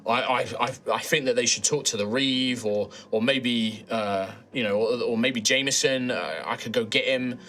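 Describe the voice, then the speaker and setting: A man's voice: medium pitch, moderate pace, hardly any pauses, a bit bright, a little hiss or hum, natural voice. A man voicing a young, flustered town guard who stammers and hesitates in a tabletop game.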